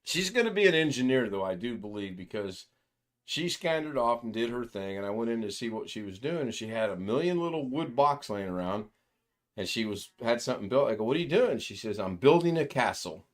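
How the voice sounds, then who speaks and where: A man's voice: mid-range voice, very animated, brisk. An older man hosting a livestream, chatting casually and rambling through a story while he acts out other people's voices and chuckles often. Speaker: livestream host. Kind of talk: casual chat.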